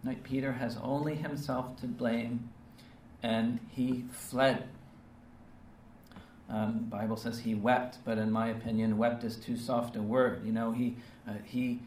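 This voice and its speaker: A man's voice: mid-range voice, little pitch movement, unhurried, darkish tone, slight background noise. Earnest male preacher in a roomy space. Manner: earnest, emphatic, with frequent rhetorical "right?" and "okay?" tags. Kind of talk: sermon. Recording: roomy, distant mic with faint ambience.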